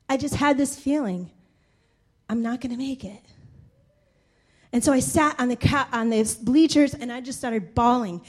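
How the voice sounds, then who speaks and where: Very high-voiced woman preaching with animated storytelling. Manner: animated, laughing, acts out the people in her stories. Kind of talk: sermon with personal storytelling.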